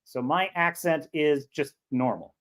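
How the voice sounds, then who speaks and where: A man's voice: a little high, measured pace, a bit bright. A man from California with a Californian accent talks off the cuff as host of a casual livestream. His commentary rambles and jokes along, with restarts and asides as he reads viewer comments aloud.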